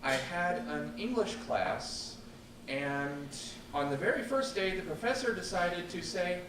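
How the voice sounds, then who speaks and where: A man telling a true personal story to a live audience, wry and animated, acting out the voices of others. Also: sits high, moderate pace. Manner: animated and wry, acts out quotes. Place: stage at a public storytelling night. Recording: echoey room, distant mic, background noise.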